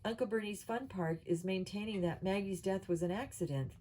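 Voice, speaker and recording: A woman voicing a deep-voiced male announcer on a mission video, in a grave, explaining tone. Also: fairly quick, warm tone, lightly acted.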